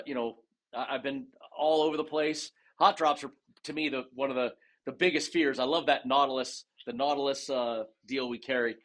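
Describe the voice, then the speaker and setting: A man telling stories as a podcast guest in a casual, animated way, acting out dialogue and often restarting his sentences. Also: mid-range voice. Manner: animated storyteller who acts out dialogue, with frequent restarts. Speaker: guest, retired race car driver and dive master. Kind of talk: casual storytelling interview.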